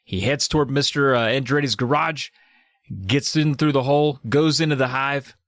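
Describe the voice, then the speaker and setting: A man casually recapping a book on a podcast, profane and animated, putting on voices for the characters. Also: mid-range voice, normal speed, no echo, studio quality. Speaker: podcast host.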